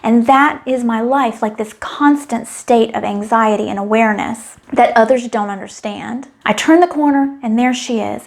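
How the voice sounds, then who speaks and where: A woman's voice: on the high side, measured pace. A middle-aged woman talking to camera in a candid, wry and emotionally open personal monologue. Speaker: vlogger.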